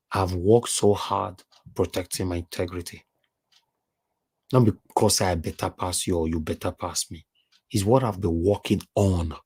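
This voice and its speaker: Husky deep-voiced Nigerian man. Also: darkish tone, dry recording. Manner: emphatic, repeats words, mixes in Pidgin. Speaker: live stream host and panelist. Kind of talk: heated livestream monologue.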